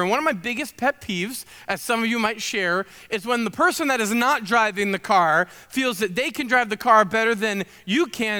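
A man's voice: sits high, bright, forceful tone, clean tone, in a large hall. A man in his thirties preaching a sermon, telling chatty self-deprecating stories full of fillers. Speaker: pastor.

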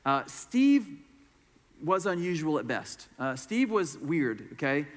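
Middle-aged man, pastor, high voice, very lively pitch, storytelling sermon, echo of a large hall. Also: unhurried. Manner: animated storyteller acting out voices. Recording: long hall reverb.

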